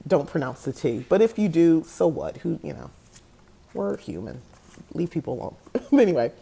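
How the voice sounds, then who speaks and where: Chatty low-voiced woman host. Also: gravelly, warm tone, husky. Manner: chatty, laughs often, goes on tangents. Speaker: podcast host. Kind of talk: casual talk to camera.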